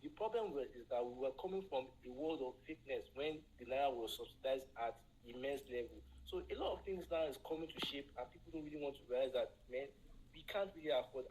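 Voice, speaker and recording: A man's voice: mid-range voice, lively intonation, fast, a little mellow, slight background noise, rough recording. A man from Nigeria, a guest on a live audio panel. He argues earnestly and builds his points with examples.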